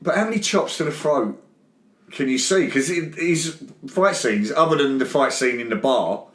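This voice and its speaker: A man hosting a casual film review chat. He is animated and laughs often. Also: mid-range voice, moderate pace, roomy sound. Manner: animated, laughing, does mocking impressions. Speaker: podcast host.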